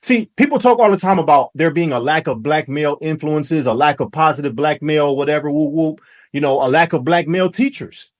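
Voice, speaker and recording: A man hosting a reaction commentary, talking in a preachy, emphatic way that rises to shouts. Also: a little high, fairly quick. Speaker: commentary host.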